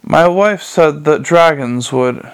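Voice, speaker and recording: A man voices a blunt, weary knight who speaks dryly and plainly. The voice sits slightly high for a man. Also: slow, clean tone. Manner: dry, blunt, plain-spoken.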